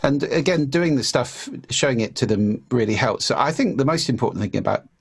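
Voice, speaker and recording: A man talking as an interview guest, reflecting calmly on public speaking and acting out examples as he explains. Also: mid-range voice, a little fast, vocal fry, breathy edge. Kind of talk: casual conversation.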